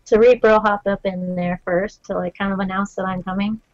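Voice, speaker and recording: A woman's voice: medium pitch, level tone, brisk, no echo. A woman playing a tabletop role-playing game, speaking hesitantly and repeating words. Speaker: player. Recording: dull lo-fi audio.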